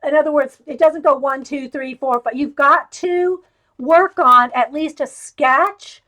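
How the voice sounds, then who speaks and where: A woman's voice: sits high, a bit bright. A woman hosting a casual show-and-tell live stream from her craft table at home, rambling and chatting straight to her viewers over a webcam. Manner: rambling, wanders off topic.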